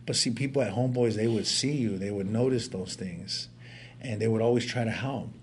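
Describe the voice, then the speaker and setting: A man with a fairly low voice tells his personal story in an earnest, heartfelt way. His speech is casual and full of slang, with stammered restarts along the way. A faint hiss sits under the recording. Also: fairly quick. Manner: uses casual street slang. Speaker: speaker sharing his life story.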